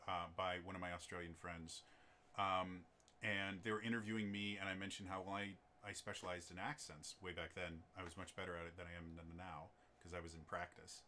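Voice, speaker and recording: A man's voice: deep voice, pushed and bright, slight background noise. A man running his own tabletop campaign on a stream, chatting in a rambling way with many ums and restarts. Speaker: game master and streamer. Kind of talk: casual chat on a stream.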